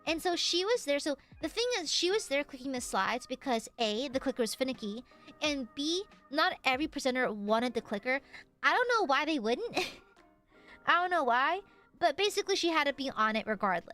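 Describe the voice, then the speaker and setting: High-pitched woman streamer, super animated storytelling, drops f-bombs, faint music behind. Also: moderate pace. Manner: animated, acts out the voices in her stories; swears casually, lots of fillers. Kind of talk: casual storytelling chat.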